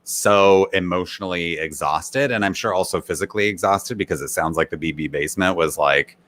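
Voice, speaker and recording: A man with a very low voice co-hosts a casual chat, talking loosely with plenty of fillers. He acts out quotes as he recaps events. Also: a little fast. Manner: relaxed, lots of "like", acts out quotes. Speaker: podcast co-host.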